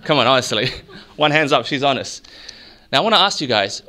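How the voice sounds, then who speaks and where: Man, energetic seminar speaker, salesy, sharp bright tone. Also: medium pitch, brisk. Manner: energetic, salesy, asks the crowd questions. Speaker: mortgage broker giving an expo talk. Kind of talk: live seminar presentation to an audience.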